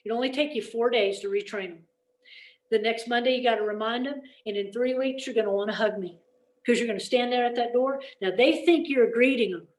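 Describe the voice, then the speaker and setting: A woman giving a lively teacher-training workshop in a folksy, emphatic way, often checking in with "okay?". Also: on the high side, brisk. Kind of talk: energetic classroom-management talk. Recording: echoey room.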